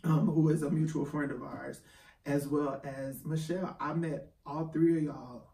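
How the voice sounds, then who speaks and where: A man with a somewhat high, gravelly voice speaks in an emotional, heartfelt way. He is recorded in an echoey room with the mic at a distance. Faint ambient noise sits behind him. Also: fairly even intonation, normal speed, mellow. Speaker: podcast co-host. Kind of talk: casual chat.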